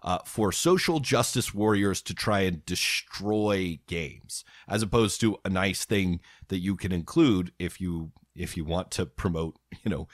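A man's voice: sits low, dry recording, clean studio sound. A man hosting a podcast, talking through ideas casually with many fillers. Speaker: podcast host. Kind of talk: casual chat.

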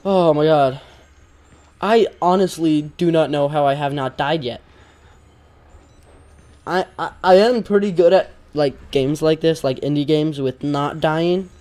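A man's voice: on the high side, measured pace, long pauses, darkish tone. A young man commenting on a horror game as he plays it, often panicking, yelping and repeating himself when scared. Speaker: gamer.

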